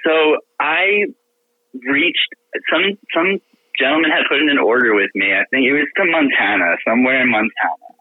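A man calling in as a podcast guest, telling stories in an animated, emotional way with many restarts. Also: medium pitch, moderate pace, dry recording. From Florida. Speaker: guest business owner. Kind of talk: casual storytelling on a podcast. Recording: phone-line call-in.

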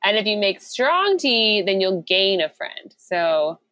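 A woman's voice: medium pitch, big pitch swings, takes it slowly, a bit bright, low-quality recording. A woman co-hosting a podcast, reading out trivia with jokes and giggles in casual chat. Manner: jokey, giggly, reads out trivia. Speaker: podcast co-host.

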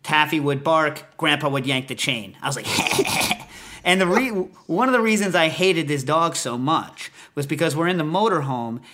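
Male podcast host, casual storyteller, rambling, bright voice, slightly raised pitch. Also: moderate pace. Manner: rambling, animated, lots of fillers.

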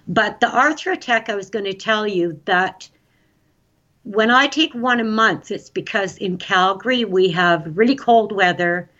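A woman guest telling her own story in a casual interview, chatty and excitable, recorded on dull lo-fi audio. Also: mid-range voice.

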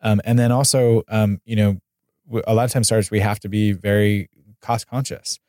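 A man's voice: on the low side, steady tone, normal speed, warm tone, no room sound, clean studio sound. An American man hosting a podcast interview, talking casually with many fillers and restarts. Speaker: podcast host.

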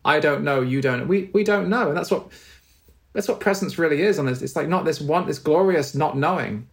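A man's voice: fairly high pitch, brisk, vocal fry. Man, middle-aged, interview guest, earnest, tender, repeats and restarts. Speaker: guest, spiritual teacher. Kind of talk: reflective interview storytelling.

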